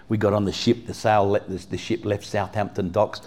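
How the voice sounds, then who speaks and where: A man's voice: medium pitch, fast, hardly any pauses. A man from England preaching a sermon to a congregation in a church, talking casually with lots of "you know" and questions to the people in front of him. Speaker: pastor.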